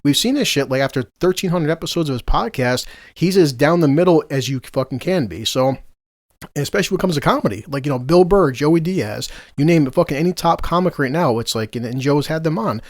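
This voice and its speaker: A man's voice: fairly high pitch, lively intonation, brisk, no room sound, studio quality. A man hosting a casual podcast, ranting heatedly and swearing freely. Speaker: podcast host.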